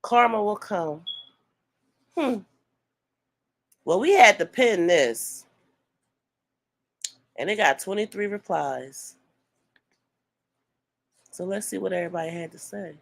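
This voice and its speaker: A woman's voice: fairly low pitch, animated, a little slow, vocal fry, long pauses. A woman co-hosting a casual commentary show, musing as she reads viewer comments aloud and chats with her partner. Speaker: co-host of a couple's commentary channel.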